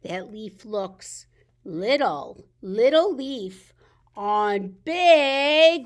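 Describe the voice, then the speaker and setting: A woman's voice: mid-range voice, very animated, extremely slow. A woman leading a baby storytime as a children's librarian, reading a picture book aloud in a sing-song, playful way and coaxing little listeners to join in.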